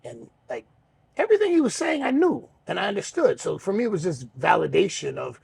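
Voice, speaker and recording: A middle-aged man hosting a podcast, telling stories in a relaxed, rambling way, swearing freely. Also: high-pitched, brisk, gravelly, slightly rough. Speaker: podcast host and pro wrestler. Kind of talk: casual storytelling chat.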